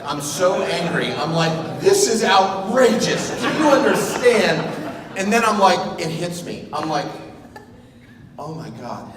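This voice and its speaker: Animated groom telling a story in an echoey hall. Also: male voice, on the high side. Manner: animated, self-mocking storyteller. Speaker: groom giving a wedding speech. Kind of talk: comedic storytelling speech. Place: large reception hall. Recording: echoey hall, voice from far off, audible room noise.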